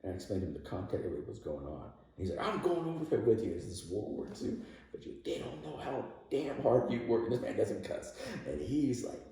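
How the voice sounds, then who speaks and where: A man with a deep, mellow voice tells an emotional story from his life as a podcast guest. He laughs often and grows animated as he retells it. He sits back from the mic in a strongly echoing room. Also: fairly quick, creaky. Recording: very roomy echo, distant from mic.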